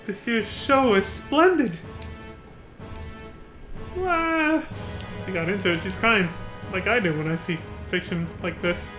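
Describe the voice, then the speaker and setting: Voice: mid-range voice, expressive, slow, pauses often, sharp tone, roomy sound. A streamer giving playful live commentary during a game playthrough, with joking asides. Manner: playful, giggly asides, jumps into character voices. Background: game music.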